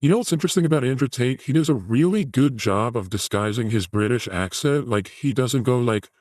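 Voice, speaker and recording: Sarcastic guy riffing on the news, deadpan, swears a lot, dry sound. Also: medium pitch, a little fast, no room sound, low-quality recording. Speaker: show host. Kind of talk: sarcastic comedy commentary.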